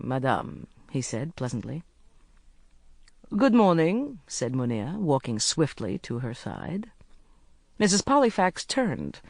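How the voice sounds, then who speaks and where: An audiobook narrator reads a mystery with a lively, rising-and-falling delivery. The voice sits at a middling pitch, and the close studio recording is dry with no room sound. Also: gravelly, no echo. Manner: lively, expressive reading.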